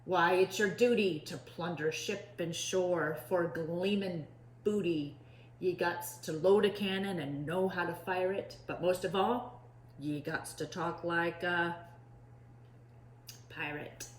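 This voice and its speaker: A woman's voice: lowish voice, slow, echoey room, slight background noise. A woman voicing an impatient, bossy male pirate captain who bellows in pirate slang. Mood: gruff.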